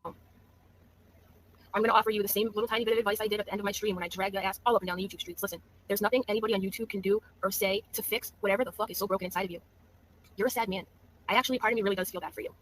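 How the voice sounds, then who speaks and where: A woman talks quickly and scornfully, tossing out profane jabs with a mocking, falsely sympathetic edge. Her commentary has the loose, off-the-cuff feel of a live stream. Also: mid-range voice, fairly even intonation, slight background noise, poor audio. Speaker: YouTube streamer.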